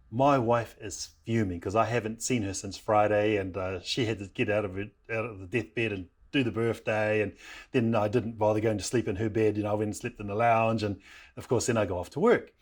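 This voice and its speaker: Animated male storyteller from New Zealand. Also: fairly low pitch. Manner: animated storyteller acting out family voices. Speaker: parenting program speaker. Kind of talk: storytelling talk.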